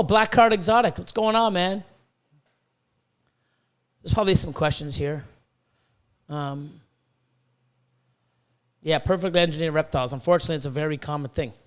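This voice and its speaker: A man hosts a casual podcast with a noticeably high-pitched voice. He rants in a rambling way, swears freely and trips over repeated words as he gets heated. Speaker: podcast host, reptile breeder.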